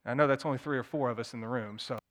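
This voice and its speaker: A man preaching a sermon, swinging from hushed tones to loud, emphatic declamation. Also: mid-range voice, rapid-fire. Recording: long hall reverb.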